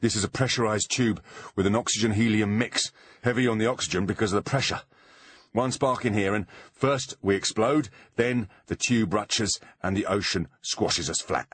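Nervous fussy centaur, raised and jittery, put on by a husky male narrator; storybook audiobook. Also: on the low side, moderate pace, pitched above the performer's own voice.

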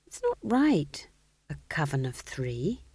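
A woman's voice: a little high, big pitch swings, moderate pace, mellow, no echo, voice pushed up. A woman voicing a young, earnest witch who sounds fretful, defensive and pleading.

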